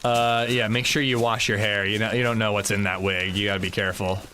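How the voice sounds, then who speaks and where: A man's voice: fairly low pitch, little pitch movement, brisk, bright, forceful tone, slight background noise. A young man streaming a video game, chatting casually and profanely with his viewers while he plays. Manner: chatty, loose and profane, reads and answers chat. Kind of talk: casual livestream chat while gaming.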